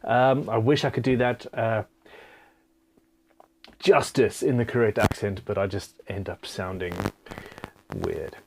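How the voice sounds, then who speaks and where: A man's voice: on the low side, fairly even intonation, a little slow, gravelly, long pauses, darkish tone, slight background noise. Chatty man hosting a live Q&A. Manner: chatty, self-deprecating, reading out viewer comments. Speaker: live stream host and guitar builder. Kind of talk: casual live stream Q&A. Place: home studio.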